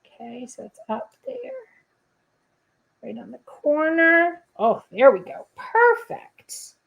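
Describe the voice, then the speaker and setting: A woman's voice: a little high, expressive, takes it slowly, creaky, fairly bright tone, husky, muffled recording. A woman hosting a casual crafting livestream, chatting to viewers with playful asides and humming little scat tunes while she works. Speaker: papercrafting livestream host.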